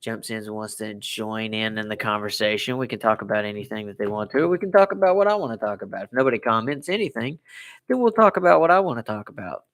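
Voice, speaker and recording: An American man chats casually on a home live stream, wandering from topic to topic and repeating himself. His voice is bright and forward, and he sits close to a desk microphone. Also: on the low side, animated, quick pace. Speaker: livestream host.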